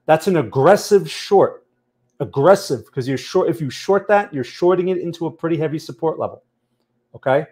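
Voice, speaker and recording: A man's voice: on the high side, lively intonation, normal speed, darkish tone. Man hosting a live trading stream. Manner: conversational, keeps checking in with "okay?" and "right?". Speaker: trading channel host. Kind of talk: live-stream market analysis, reading chat.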